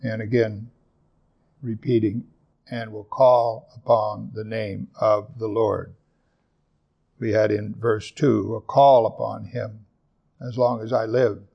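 A man pastor preaching a sermon, earnest, repeating and slowing down on scripture verses for emphasis. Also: fairly low pitch, little pitch movement, gravelly, husky, highs cut off.

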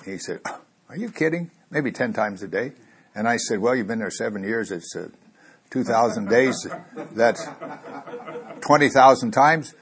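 Husky-voiced man preaching with rising emphasis. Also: medium pitch, measured pace, long pauses. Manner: animated, rising loud on quoted scripture. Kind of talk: sermon.

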